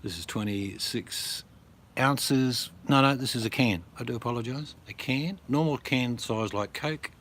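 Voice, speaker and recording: A man's voice: mid-range voice, measured pace, fairly bright tone. A middle-aged Australian man vlogging in a blunt, joking, rambling way. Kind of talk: casual to-camera chat.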